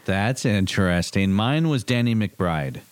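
A man co-hosting a podcast in casual chat, quick to agree and enthusiastic. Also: on the low side, animated, dry recording. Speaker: podcast co-host.

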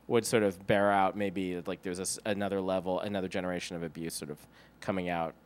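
A man's voice: sits low, flat delivery, fast talker. A man co-hosting a podcast, talking in a casual, rambling, thoughtful way with dry wit. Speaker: podcast co-host. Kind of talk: casual chat.

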